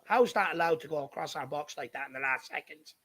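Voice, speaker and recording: A man's voice: a little high, quick pace, sharp tone. An Irish man hosting a live football watchalong, ranting furiously and swearing at his team's defending. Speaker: fan channel host. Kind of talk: live match watchalong commentary.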